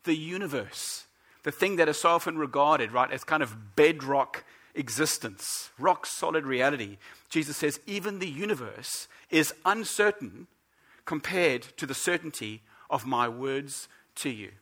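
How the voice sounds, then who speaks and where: A man preaching a sermon as pastor, earnest and emphatic, slowing down to stress the scripture he quotes. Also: fairly high pitch, animated, a bit bright.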